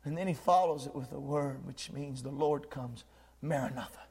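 A man's voice: mid-range voice, moderate pace, vocal fry, a little mellow, slightly rough. A man preaching a sermon with fervent, emphatic repetition.

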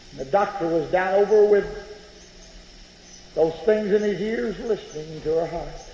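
A revival preacher tells his testimony with swings from loud, urgent outbursts to hushed tones. His fairly high voice rings out under a large tent, with a roomy echo and long reverb. Faint noise hums underneath. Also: highs cut off. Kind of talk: sermon testimony.

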